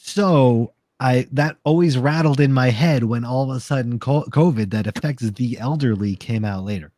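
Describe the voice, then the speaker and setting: A man's voice: medium pitch, normal speed, dark tone, dry recording, clean studio sound. A man in casual podcast chat, slightly tipsy, rambling with many restarts and repeated words.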